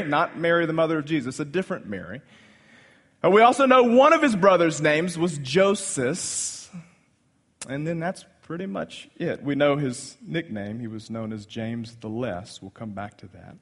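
Animated preacher with big swings. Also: male voice, fairly high pitch. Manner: teaching, with sudden swings from quiet to loud and emphatic. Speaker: pastor. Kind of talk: sermon.

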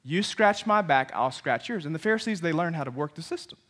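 A male pastor preaching with a high, lively voice that swings all over the place. He is playful and animated and drops into quick little character voices to make his points. It sounds like a sermon in a church.

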